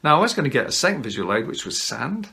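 A man preaching a conversational sermon to camera, gently humorous and emphatic. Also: fairly high pitch, big pitch swings, quick pace, gravelly. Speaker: pastor. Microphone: camera at home.

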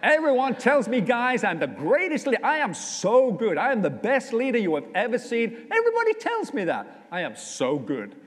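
Bragging male leader as a man mocks him, pitch swooping up, booming and self-praising, echoey church hall. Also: huge pitch swings, normal speed, few pauses, exaggerated voice. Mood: boastful. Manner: bragging, repetitive, mocking impression.

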